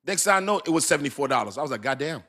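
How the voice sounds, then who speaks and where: A man in his fifties hosting a casual crypto livestream, talking in an animated, repetitive, slangy way and laughing often. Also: a little high, very fast. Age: 50s. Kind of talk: casual live-stream talk.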